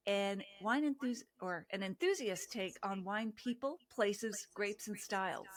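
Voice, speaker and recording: Woman, middle-aged, podcast host, enthusiastic, laughs a lot, average pitch. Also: unhurried, few pauses. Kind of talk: interview host intro and chat.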